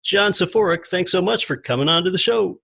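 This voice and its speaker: Man hosting a podcast, fairly high voice. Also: a little fast, creaky, pushed and bright. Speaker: podcast host. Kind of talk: podcast interview and commentary.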